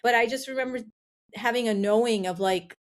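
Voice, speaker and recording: This middle-aged podcast guest has a voice on the high side and talks a bit fast. Candid and reflective in a relaxed interview, she leans on "like" as a filler and acts out what she used to think.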